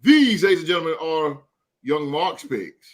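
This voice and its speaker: A man's voice: a little high, big pitch swings, normal speed. A man hosting a sports podcast in a loose, hyped way, tagging his lines with "man" and "son.". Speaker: podcast host. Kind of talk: casual sports talk.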